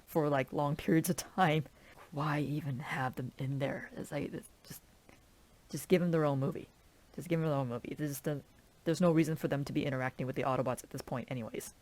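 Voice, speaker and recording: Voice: mid-range voice, a little mellow, no room sound. A film reviewer ranting casually, filling every sentence with "like" and sounding fed up with the movie's choices. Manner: rambling, heavy use of "like"; exasperated, complaining.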